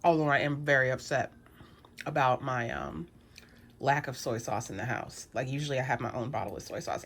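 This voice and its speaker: A woman's voice: rumbling low, fairly quick, a bit bright. A woman vlogging in a casual, chatty way, laughing often and talking while she eats. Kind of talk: casual vlog chat.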